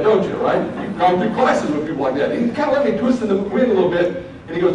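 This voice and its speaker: A man's voice: high voice, lively intonation, quick pace, few pauses, a crowd in the background. A man giving a motivational speech to students in an earnest, folksy way, talking straight to the audience. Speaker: motivational speaker. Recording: very echoey, distant mic, faint noise.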